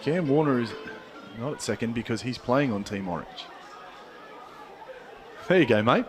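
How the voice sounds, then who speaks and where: A man's voice: medium pitch, expressive, normal speed, over music. Joking man calling a baseball game. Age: 40s. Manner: joking, laughs easily. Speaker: baseball commentator. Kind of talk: play-by-play commentary. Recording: crowd noise behind. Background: ballpark crowd.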